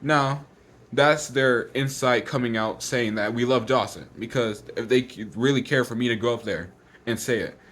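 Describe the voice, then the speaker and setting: A teenage boy vents in a casual vlog, words tumbling out in a rush and circling back on themselves. He sounds a little out of breath and thoroughly exasperated, with a voice sitting at an ordinary pitch for his age. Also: fairly bright tone. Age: teens. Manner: rushes words out, exasperated and repetitive. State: slightly out of breath. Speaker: vlogger.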